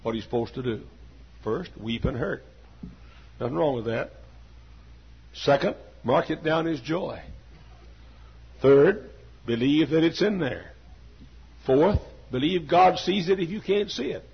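A man in his sixties preaching a sermon with an emphatic, repetitive cadence that swings from hushed to loud. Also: a little high, expressive, unhurried, vocal fry, long pauses, slightly rough, lo-fi sound. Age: 60s. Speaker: pastor.

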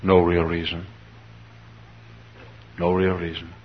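A man's voice: low voice, monotone, slow pace, slight background noise. A man preaching a sermon and telling the story dramatically. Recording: dull lo-fi sermon recording.

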